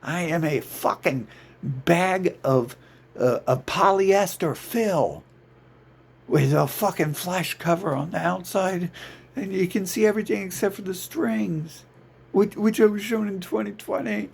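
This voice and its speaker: Gravelly man on a profane rant. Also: sits high, measured pace. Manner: profane, swearing constantly; rambling, restarts sentences. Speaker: vlogger. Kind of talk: ranting monologue to camera.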